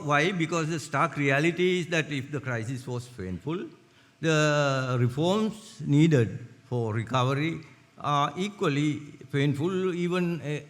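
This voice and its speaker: Older Sri man, conference speaker, deliberate and measured, long hall reverb. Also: mid-range voice. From Sri Lanka. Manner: deliberate, measured, with frequent hesitant "uh" fillers. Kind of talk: formal conference talk.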